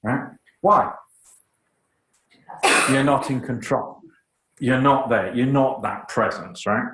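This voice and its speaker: A man giving a lively, emphatic lecture on public speaking, with joking asides to the audience. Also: mid-range voice, slow pace, reverberant, rough recording. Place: lecture room.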